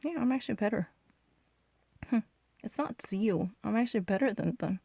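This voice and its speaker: A woman's voice: mid-range voice, lively intonation, normal speed, vocal fry, breathy edge, no echo. A young woman whose first language is Korean, chatting casually while gaming, boastful and defensive, switching languages mid-thought. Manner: boastful and defensive, insisting loudly. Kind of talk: casual gaming vlog chat.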